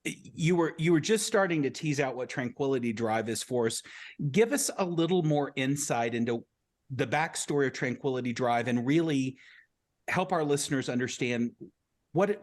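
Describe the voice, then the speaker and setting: A man's voice: medium pitch, expressive, normal speed. A man hosting an interview podcast, earnest and reflective, often repeating words as he talks. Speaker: podcast host.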